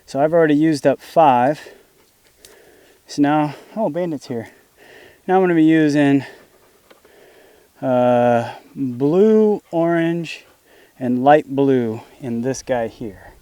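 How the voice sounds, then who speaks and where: A man's voice: fairly high pitch, slow pace, long pauses, mellow, clean tone, no echo. A man casually narrating a do-it-yourself job outdoors, thinking aloud as he works and chatting to his dog. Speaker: DIY homesteading vlogger. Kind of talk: casual how-to narration while working. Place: outdoors in an orchard.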